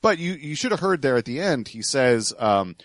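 A man's voice: medium pitch, very animated, normal speed, no room sound. A man co-hosting a podcast, giving sardonic, dismissive commentary on clips. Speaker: podcast co-host.

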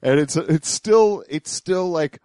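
A man's voice: a little high, expressive, slow, dark tone, no room sound. A man co-hosting a podcast, talking casually about radio clips with lots of fillers and restarts. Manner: hesitant, many fillers and restarts. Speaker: podcast co-host.

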